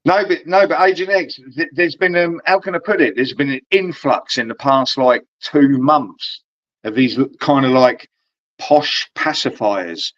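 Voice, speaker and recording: A man's voice: mid-range voice, measured pace, a bit bright, no room sound. Sweary British man mimicking others. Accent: British English. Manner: swearing, mocking impressions of others. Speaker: co-host. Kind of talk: casual chat. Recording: dull lo-fi dry sound.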